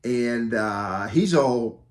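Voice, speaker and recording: Man, casual storyteller, animated, rambling, self-amused, average pitch. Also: drawn-out words. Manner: animated and rambling, with many fillers and self-corrections. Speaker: storyteller giving a recorded tribute. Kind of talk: casual anecdote telling.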